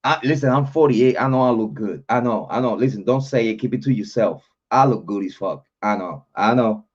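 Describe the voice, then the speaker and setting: A man's voice: medium pitch, brisk, husky, highs cut off. A man in his forties hosting a livestream, casually joking and ranting with a lot of profanity, sounding a little congested. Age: 40s. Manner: boastful, joking, profane rant. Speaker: livestream host.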